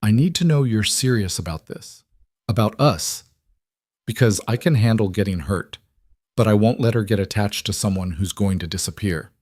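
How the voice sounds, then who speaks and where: A man doing a steady single father, calm and protective, reassuring in a low voice. He speaks evenly, like a storybook figure, and the sound is close and dry. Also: moderate pace, dry recording, lightly acted. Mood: serious.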